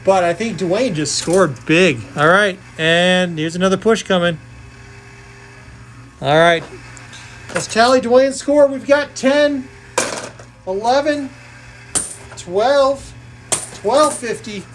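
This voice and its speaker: Unhurried woman hosting a coin pusher stream. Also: medium pitch, noisy background. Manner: playful, jokey, counting totals aloud. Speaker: live game show host. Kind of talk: live-stream play-by-play commentary.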